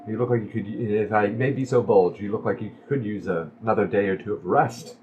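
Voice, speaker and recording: A man's voice: on the low side, muffled recording, slight background noise, pitched below the performer's own voice, natural voice. A man voicing a genteel, polite woman who manages a tavern, speaking in a prim, formal way. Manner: prim, formal, slow and soft.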